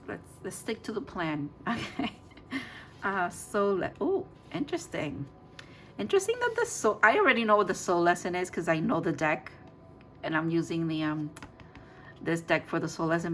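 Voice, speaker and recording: Chatty woman tarot reader, low voice. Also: slight background noise. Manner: chatty, rambling with many fillers and restarts. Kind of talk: casual tarot reading.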